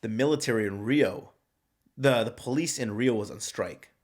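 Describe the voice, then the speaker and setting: A man chatting as a podcast guest, telling travel stories in an animated, joking way. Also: medium pitch, moderate pace. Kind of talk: casual chat.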